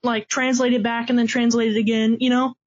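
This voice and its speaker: A man's voice: very high voice, level tone, fairly quick. A man co-hosting a casual chat, goofing around with over-the-top, rambling fake apologies. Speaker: co-host. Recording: dull lo-fi borrowed mic.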